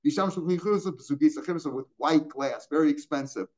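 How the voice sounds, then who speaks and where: A man's voice: on the high side, fairly quick, highs cut off. An older man teaching a line-by-line Talmud class in a casual way, with chuckling asides and Hebrew and Aramaic terms mixed in.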